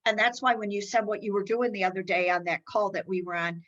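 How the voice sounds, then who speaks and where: A middle-aged woman hosts a podcast in casual conversation, chatty and rambling with many restarts and fillers, acting out other people's lines in quoted voices as she tells stories. Her mid-range voice is quick and a bit bright, with the highs cut off.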